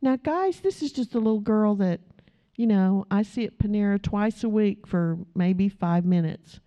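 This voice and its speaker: Mellow-voiced woman preaching conversationally. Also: medium pitch, moderate pace. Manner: chatty and storytelling, with asides to the congregation. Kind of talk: conversational sermon. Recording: dull lo-fi recording.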